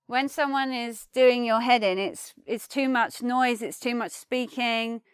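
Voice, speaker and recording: A woman with a smooth, clear, slightly high voice teaches English slang in an online lesson. She explains each phrase lively and acts out the angry examples, in a dry, close sound. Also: unhurried, hardly any pauses, no echo.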